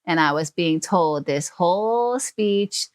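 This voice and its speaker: A woman, a podcast guest, telling a childhood story in a casual, animated way. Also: on the low side, slow pace. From Hawaii. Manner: animated storyteller who acts out quoted family members.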